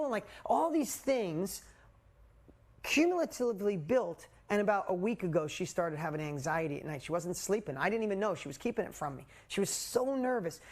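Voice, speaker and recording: Candid storytelling man coaching a live call. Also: sits high. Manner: animated, candid storytelling with casual swearing. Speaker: coach hosting a mastermind call. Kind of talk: motivational talk on a live group call. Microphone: video call.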